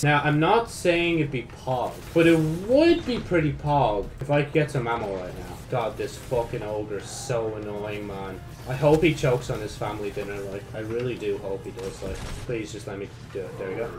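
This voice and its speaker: A young man giving sweary gameplay commentary, dropping from low mutters to frustrated yells. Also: expressive, moderate pace, a little hiss or hum. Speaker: gaming YouTuber.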